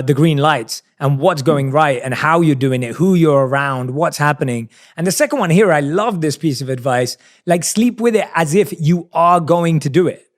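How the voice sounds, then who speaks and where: A man hosting a podcast, summing up advice with enthusiasm and speaking straight to his listeners. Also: on the high side. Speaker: podcast host. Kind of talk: casual interview chat.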